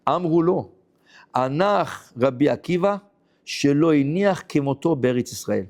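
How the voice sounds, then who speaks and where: A man, a rabbi, teaching a Talmud class as a lively story, acting out the dialogue and restating each point for his students. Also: a little high, very fast. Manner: acts out the dialogue of the story, exclaiming and questioning.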